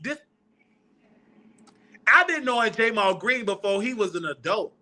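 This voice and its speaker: A man hosting his own live show, chatting casually and excitably as he reminisces out loud. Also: sits high, measured pace. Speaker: show host. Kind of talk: casual livestream chat.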